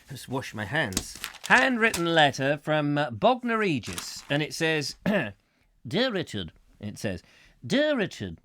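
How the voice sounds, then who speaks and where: A man's voice: fairly high pitch, very animated, takes it slowly, sharp tone, slight background noise. A middle-aged man hosting a comic live chat show, rambling playfully and breaking into silly voices and sung sound effects.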